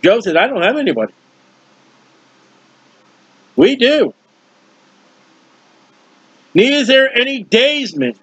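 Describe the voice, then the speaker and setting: A man preaching a verse-by-verse Bible teaching, animated and questioning his listeners. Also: very high-pitched, slow pace, long pauses, slightly rough, dry recording. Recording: dull lo-fi dry recording.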